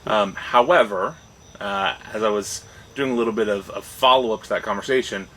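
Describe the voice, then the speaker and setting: Here the man's voice sits on the low side, a bit bright, at normal speed. As co-host of a casual podcast, he reflects aloud, starts phrases over, and often asks "right?" with a rising tone. Slight background noise comes through the rough recording.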